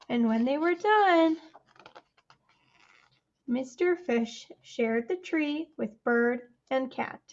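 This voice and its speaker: A woman librarian reading a picture book aloud to children, chatty and animated, asking them questions along the way. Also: high voice, drawn-out words, highs cut off. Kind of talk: storytime read-aloud for children.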